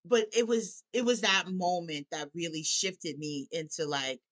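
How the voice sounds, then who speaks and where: A woman's voice: on the low side, steady tone, a little slow, fairly bright tone. Tearful woman telling her story. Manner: emotional, laughs through tears, acts out her own thoughts. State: tearful at times. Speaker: guest, musician and life coach. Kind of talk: candid personal conversation.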